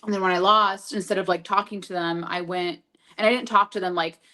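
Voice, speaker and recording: A woman's voice: medium pitch, steady tone, a little fast, bright, forceful tone. A young woman guesting on an interview podcast, chatting casually as a reality TV contestant, rambling with lots of "like". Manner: rambling, filler-heavy storytelling with lots of "like".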